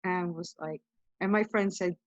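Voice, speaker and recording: A woman's voice: on the low side, steady tone, moderate pace, no echo. Chatty woman guest on muffled audio. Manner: chatty, recounts events with lots of "I'm like". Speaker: podcast guest. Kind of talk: casual storytelling.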